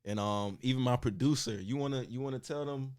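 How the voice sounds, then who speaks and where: A young man guesting on a podcast, relaxed and slangy, with many fillers. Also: mid-range voice, brisk, clear, resonant tone, no room sound, clean studio sound. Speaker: rapper guest. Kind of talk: casual chat.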